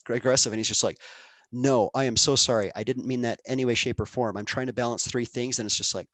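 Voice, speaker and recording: A man's voice: fairly low pitch, fairly quick, no echo. A man in his thirties, a game producer guest, telling work stories in a casual interview and acting out quoted dialogue. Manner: animated, acts out quoted dialogue.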